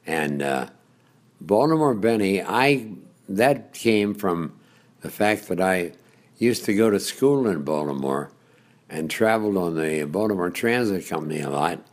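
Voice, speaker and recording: An older man, a longtime radio host, telling stories in an interview, rambling with chuckles and pauses. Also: low-pitched, animated. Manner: rambling storyteller with frequent uh's and chuckles. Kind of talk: reminiscing interview.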